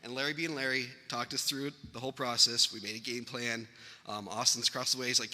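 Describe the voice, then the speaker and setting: Bright-voiced man giving a eulogy. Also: medium pitch, fast, big-room sound. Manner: rambling, anecdotal, with chuckles. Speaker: family member giving a eulogy. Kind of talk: funeral eulogy storytelling. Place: funeral venue hall.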